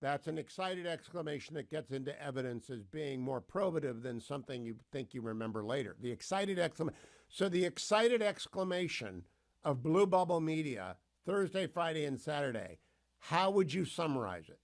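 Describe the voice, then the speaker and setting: A man hosting a talk radio interview, putting his questions in a measured, deliberate way. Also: fairly high pitch, lively intonation, gravelly. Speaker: radio show host.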